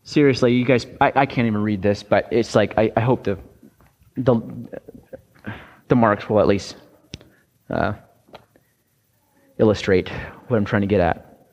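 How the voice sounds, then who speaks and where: A man preaching a conversational sermon, halting at times with restarts and fillers. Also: fairly low pitch, a little mellow. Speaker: pastor. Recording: long hall reverb.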